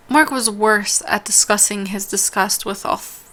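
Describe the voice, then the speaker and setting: Bright-voiced woman reading a story game aloud. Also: mid-range voice, fairly even intonation. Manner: reads aloud with stumbles, restarts and quick asides. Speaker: let's-play host.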